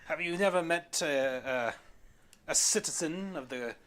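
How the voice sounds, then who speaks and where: A man's voice: a little high, expressive, unhurried, fairly bright tone, voice pushed up. A man voicing an eccentric English lord abroad, with a British accent and a pompous manner.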